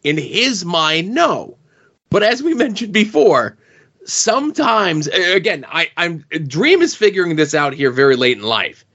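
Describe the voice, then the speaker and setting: A middle-aged man co-hosting a podcast, talking through a comic thoughtfully and pausing to search for words. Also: high voice, sing-song, fairly bright tone, dull audio. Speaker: podcast co-host. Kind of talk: casual comic book discussion.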